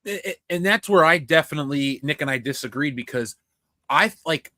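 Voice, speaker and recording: Young guy ranting about a movie, high-ish bright voice, excitable, swears a lot, dry close mic. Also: brisk, no echo. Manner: excitable, swearing, animated rambling. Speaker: podcast co-host. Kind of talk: casual film review chat.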